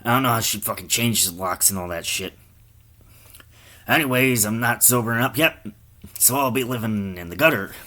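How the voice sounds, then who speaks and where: Gruff, sullen heavy drinker, voiced by a man in a low, muttering register. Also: moderate pace, pauses often, pushed and bright. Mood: grumbling. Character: bitter, heavy-drinking middle-aged man.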